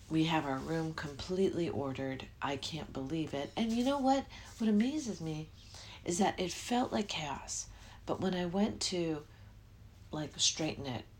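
Low-pitched woman rambling on her podcast, yawny, little bit of background hiss. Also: unhurried, darkish tone. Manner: rambling, self-interrupting, yawning often. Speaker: podcast host. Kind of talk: casual spiritual podcast monologue.

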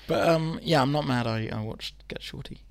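A man's voice: medium pitch, normal speed, creaky, no room sound. A man co-hosting a casual film chat, laid-back, laughing often and giving short dry answers. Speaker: podcast co-host. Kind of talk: casual chat about films.

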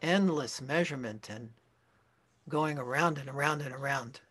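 A Zen teacher giving a dharma talk, speaking in a slow, reflective way with pauses and self-corrections. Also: male voice, medium pitch, a bit bright.

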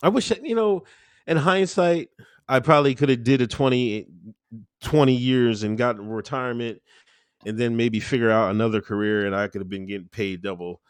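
A man's voice: mid-range voice, normal speed, clear, resonant tone, no echo. Laid-back rambling man, dry sound. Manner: laid-back, rambling, full of fillers and laughs. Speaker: interview guest. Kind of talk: casual conversational interview.

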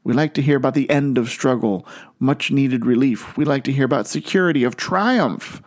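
A man preaching a sermon in an earnest way, slowing down and lifting his voice on key phrases. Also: medium pitch. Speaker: pastor.

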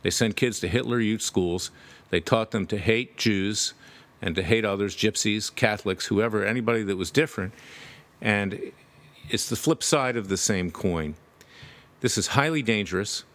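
A man's voice: lowish voice, normal speed, a bit bright. A man delivering emphatic, indignant political commentary straight to his audience. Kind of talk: direct-to-camera political commentary.

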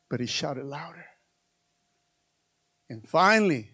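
A man's voice: fairly high pitch, lively intonation, slow pace, long pauses, pushed and bright, breathy edge, dry recording. A man preaching a rousing sermon, calling on the congregation and repeating lines for emphasis. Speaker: pastor.

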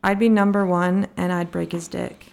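Brief: low, gravelly woman co-host, crude and jokey, chatty recap. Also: little pitch movement, moderate pace, a little mellow. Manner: crude, joking, laughs often, acts out quotes. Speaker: podcast co-host. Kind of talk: casual chat recapping a reality show.

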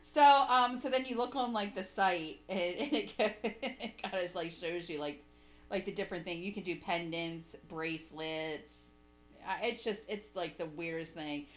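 A woman's voice: fairly low pitch, unhurried. A woman co-hosting a casual comedic chat, profane and laughing often, breaking into mocking impressions. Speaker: podcast co-host.

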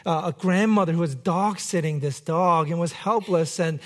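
A man, a pastor, preaching a sermon and telling a lively personal story in a church, sometimes shouting out the lines. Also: fairly high pitch, moderate pace. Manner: animated anecdote with acted shouts.

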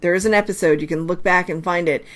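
A woman co-hosting a casual sports podcast, chatty with quick asides and frequent laughter. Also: on the low side, fairly even intonation. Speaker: podcast co-host. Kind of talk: casual hockey chat.

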